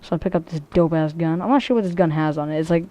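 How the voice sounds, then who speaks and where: Low-voiced woman doing game commentary, dark mellow tone, lots of ums and cussing. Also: racing. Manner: rambling, profane, many fillers and restarts. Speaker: gameplay commentator.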